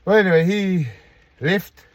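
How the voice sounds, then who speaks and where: A man's voice: high-pitched, unhurried, no echo. A man vlogging from a parked car by a park, telling a rambling, blunt story in casual talk with frequent restarts.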